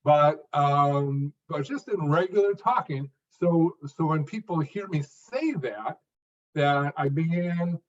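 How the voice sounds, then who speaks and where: A man answering interview questions in a measured, earnest way, speaking phrase by phrase with pauses. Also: a little high. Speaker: guest, stuttering coach. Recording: distant, dull lo-fi audio.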